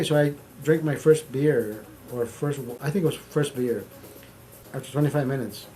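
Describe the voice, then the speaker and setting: Animated, profane man telling a story. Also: mid-range voice, normal speed. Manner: profane, animated, repeats himself. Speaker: streamer host. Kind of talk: casual storytelling.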